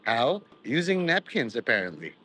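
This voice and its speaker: In a low-quality recording, a man with a very animated mid-range voice speaks at a normal speed, his tone pushed and bright. His rambling, profane monologue wanders all over, full of "you know," mock-preachy asides, and slips into quoted voices.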